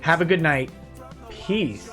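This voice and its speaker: A man's voice: a little high, expressive, slow pace, over music. A man, a lawyer hosting a late-night livestream, reading viewer comments aloud and joking about them in a casual, wry way.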